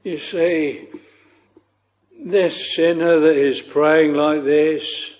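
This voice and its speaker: A man preaching a sermon, slow and solemn, with old-fashioned scriptural phrasing, on a dull lo-fi recording. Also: a little high, steady tone, a little mellow, big-room sound.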